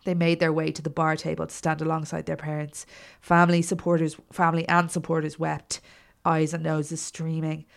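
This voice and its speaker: A woman's voice: sits low, completely flat delivery, moderate pace, vocal fry. A woman co-hosting a podcast, retelling a court scene by reading dramatically and adding casual asides. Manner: storytelling, dramatic read-aloud with asides. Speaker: podcast co-host. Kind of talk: casual chat and reading aloud.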